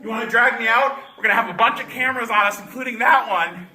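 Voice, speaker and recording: A woman protester shouting profanely and defiantly at lawmakers in a legislative committee room. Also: on the high side, fast talker, echoey room, poor audio.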